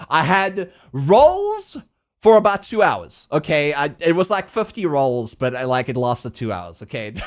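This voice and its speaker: Animated South African man ranting and laughing. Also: mid-range voice. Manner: animated, profane, laughing rants. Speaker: streamer. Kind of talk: casual livestream chat.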